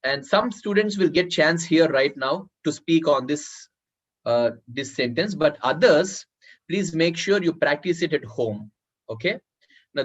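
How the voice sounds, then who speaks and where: A man's voice: fairly high pitch, slightly rough. A man teaching public speaking in an online workshop, giving instructions and repeating words so people can note them. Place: online video call. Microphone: video call. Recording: dull lo-fi video call audio.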